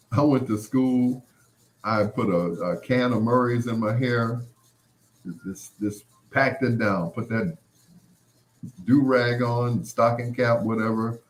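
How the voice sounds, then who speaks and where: A middle-aged man, hosting a show and telling stories in an animated way, laughing often and full of "you know" asides. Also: mid-range voice, unhurried. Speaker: podcast host. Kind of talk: storytelling monologue.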